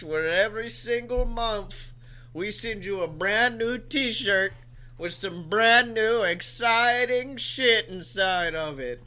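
A man's voice: sits high, bright, forceful tone, smooth. A man co-hosting a comedy podcast, bantering casually and slipping into silly made-up voices with frequent laughter. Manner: jumps into silly put-on voices and laughs often. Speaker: podcast co-host.

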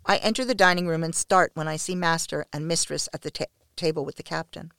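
Woman narrator, measured first-person story read, smooth tone, dry close sound. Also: low voice, dry recording.

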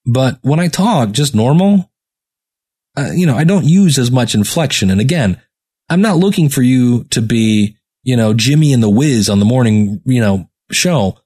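A man hosting a podcast review show, giving casual spoken feedback with fillers and deliberate stress on some words. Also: medium pitch, animated, darkish tone, husky.

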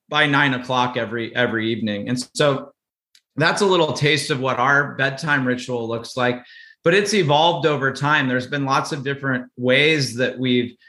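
A man speaking as a podcast guest, with a bright, forward tone. He talks in an easygoing way and often repeats words mid-thought. His voice rings around a noticeably echoey room. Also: medium pitch. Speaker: podcast guest, parenting author. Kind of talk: casual interview talk.

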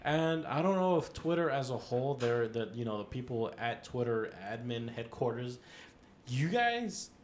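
A man's voice: medium pitch, normal speed, hardly any pauses, darkish tone, slight background noise. A man co-hosting a podcast in casual chat, rambling and teasing, laughing often. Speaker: podcast co-host.

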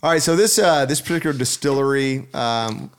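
A man's voice: medium pitch, a little fast. A man co-hosting a casual drinking podcast, reading out facts with lots of hesitations. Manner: tells facts with many uh fillers. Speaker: podcast co-host. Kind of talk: casual chat.

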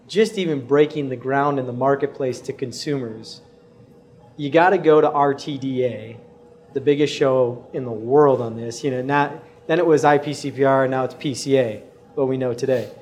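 A man's voice: medium pitch, steady tone, moderate pace, a little mellow. A man hosting a casual interview, filling in background and reacting to his guests. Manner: chimes in with short reactions and recaps. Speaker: host.

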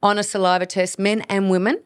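A woman hosts a solo educational podcast as a hormone practitioner, speaking earnestly like a coach and acting out inner voices. Her medium-pitched voice is fairly quick with little pitch movement and a clean tone, recorded in studio quality without echo.

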